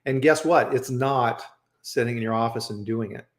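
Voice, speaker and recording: A man's voice: medium pitch, moderate pace. A man hosting a casual live-stream chat, telling stories and often adding "right?" as he talks over a video call. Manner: animated storyteller, repeats "right?". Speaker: host. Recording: roomy echo.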